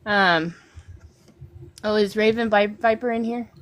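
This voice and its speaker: A woman's voice: mid-range voice, a little slow. Woman telling a heavy personal story. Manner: emotional, rambling storytelling. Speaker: guest artist. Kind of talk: casual interview talk.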